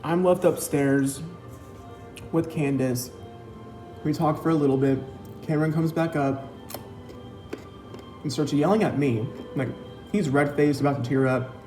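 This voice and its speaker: A man's voice: a little high, measured pace, long pauses, mellow. A young man casually telling a personal story, chatty, with lots of "like" and retold dialogue. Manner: chatty retelling with many likes and quoted dialogue. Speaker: vlogger. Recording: roomy echo with faint music.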